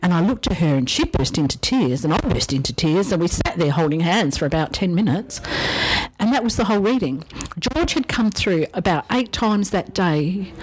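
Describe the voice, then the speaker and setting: A woman's voice: fairly low pitch, lively intonation, moderate pace, slight background noise, rough recording. A woman, a psychic medium, telling rambling anecdotes in conversation and acting out the voices she quotes. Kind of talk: storytelling in a conversation.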